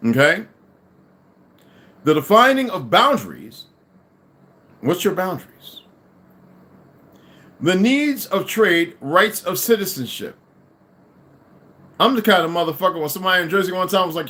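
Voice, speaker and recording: A man's voice: sits high, very animated, normal speed, pauses often, fairly bright tone. A middle-aged man delivering an angry, profane ranting monologue to his audience, swearing and insulting as he goes. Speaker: livestream host.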